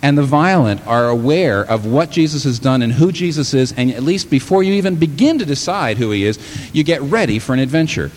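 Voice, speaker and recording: A man preaching a sermon in a church hall, animated and often taking on the voices of the people he quotes. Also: medium pitch, fairly quick. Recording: long hall reverb, faint room ambience.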